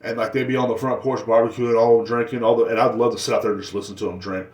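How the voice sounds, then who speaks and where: A man's voice: mid-range voice, level tone, fast, a little mellow. A young man hosting his own podcast, telling crude stories in a rambling way and laughing at his own jokes. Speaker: podcast host. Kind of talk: rambling solo podcast storytelling.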